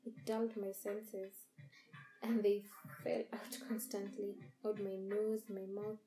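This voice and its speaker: A woman reading a first-person horror story in a measured, dramatic storytelling manner. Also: mid-range voice, flat delivery, low-quality recording. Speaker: narrator.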